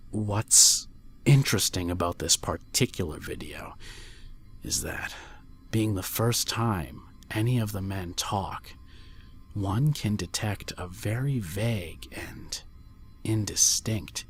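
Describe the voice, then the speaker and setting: A man reading a scripted creepypasta horror story in a hushed voice that often drops to a near whisper. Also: on the low side, takes it slowly, slight background noise. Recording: faint music bed under voice.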